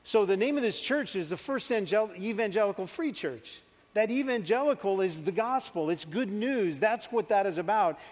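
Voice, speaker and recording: A man's voice: sits high, expressive, moderate pace. A man preaching a sermon, telling a personal story and acting out his younger self. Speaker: pastor. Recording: church hall reverb.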